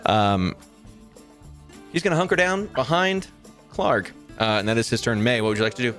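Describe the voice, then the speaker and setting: A man's voice: mid-range voice, sing-song, normal speed, fairly bright tone, soft background music. A man narrating as game master of a tabletop game, rambling with many ums and likes.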